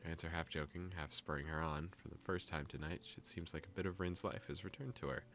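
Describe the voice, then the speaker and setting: A young man hosting a gaming video, calmly reading a visual novel aloud with joking asides. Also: low voice, fast talker.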